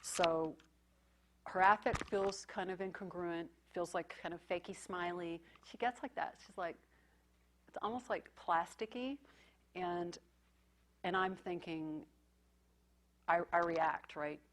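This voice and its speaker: A woman's voice: lowish voice, takes it slowly, pauses often, fairly bright tone, slight background noise. A woman therapist giving a conference talk, speaking in an intimate, reflective way that often drops to a near-whisper. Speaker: psychotherapist presenting case material.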